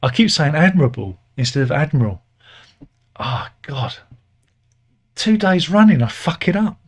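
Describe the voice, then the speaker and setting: A British man giving a casual, sardonic satirical news monologue, rambling and often correcting himself, with many pauses and fillers. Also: a little high, very animated, husky.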